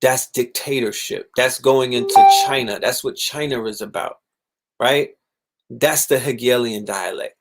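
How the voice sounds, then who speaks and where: Young man, livestream host, casual monologue, animated, profane, mocking. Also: medium pitch, normal speed. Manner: animated, swearing, mocking voices in quotes.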